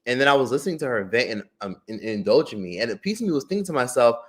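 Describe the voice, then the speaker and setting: A man on a livestream telling a long personal story in a casual, animated way. He swears often and fills his talk with "like". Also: medium pitch, very fast, few pauses. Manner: animated, profane storytelling with many "like" fillers. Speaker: streamer and drama commentator.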